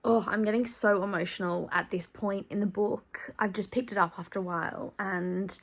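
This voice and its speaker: A woman's voice: mid-range voice, steady tone, moderate pace, hardly any pauses. A woman, chatting casually about a book she loves and reading passages aloud, gushing and emotional, laughing often. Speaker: book vlogger. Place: in bed.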